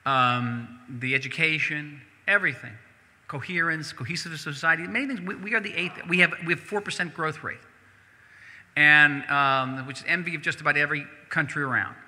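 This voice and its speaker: Male diplomat, bright, slightly raised voice, emphatic Q&A delivery, reverberant hall. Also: fairly high pitch, moderate pace. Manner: emphatic, repeats words, conversational asides. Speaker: diplomat speaking at a synagogue event. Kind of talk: public Q&A answer. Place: synagogue hall.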